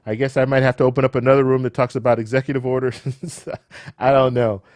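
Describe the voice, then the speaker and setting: A man hosting a live show, who says he is losing his voice. He talks in a casual, animated way, with rhetorical questions, repeated words and restarts. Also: mid-range voice, fast, dry recording, clean studio sound. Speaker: livestream host. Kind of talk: casual live commentary and chat Q&A.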